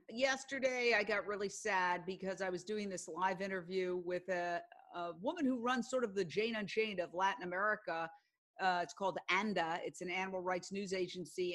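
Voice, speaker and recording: An older woman, a broadcast journalist guesting on a podcast, chats casually in a mid-range, fairly bright voice. She tells stories earnestly and acts out the things people said.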